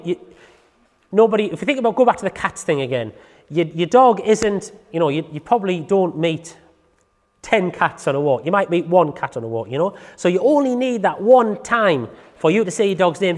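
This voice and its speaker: A man's voice: sits high, a little mellow, big-room sound. A man teaching dog training in a casual, chatty way, often checking in with the listener.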